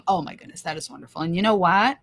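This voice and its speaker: A woman's voice: mid-range voice, very animated, a little fast, vocal fry, breathy edge. A woman hosting a casual livestream, reading viewer comments aloud with enthusiasm and frequent laughter. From Canada. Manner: enthusiastic, laughs often, repeats phrases. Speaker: livestream host.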